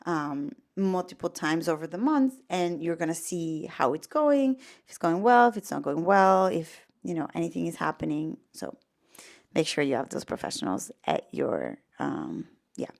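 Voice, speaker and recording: Italian-accented woman, lowish voice, casual dog-behaviorist explainer, chatty with lots of fillers. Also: sing-song, normal speed, creaky, a little mellow. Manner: chatty, full of fillers and restarts.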